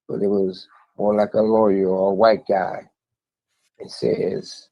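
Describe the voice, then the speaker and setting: A low-pitched man with a gravelly, husky voice tells a story bluntly and with plenty of profanity. The sound is dull and lo-fi, and his words wander as he talks. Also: fairly even intonation, unhurried. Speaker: interviewee speaking from prison. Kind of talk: storytelling recollection.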